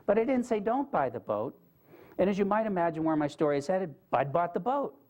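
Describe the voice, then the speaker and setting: In a lecture room before a live audience, the guest speaker tells stories quickly with lively intonation, his high voice a little mellow. He's earnest and conversational and puts questions to the crowd.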